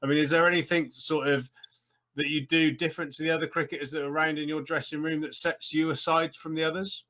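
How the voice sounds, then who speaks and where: A man's voice: fairly high pitch, little pitch movement, quick pace, bright, forceful tone. An English man hosting an interview, chatty and stumbling over his words while he tells anecdotes. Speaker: host, former cricketer. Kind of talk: casual interview chat.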